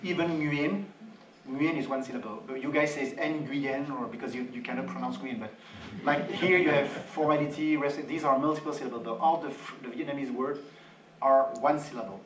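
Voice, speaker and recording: A man's voice: mid-range voice, steady tone, a little fast. Guy from france giving a casual talk in a church hall, mic pretty far away, roomy echo, bit of background hiss. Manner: informal, with joking asides. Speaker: guest speaker. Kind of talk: public talk to an audience.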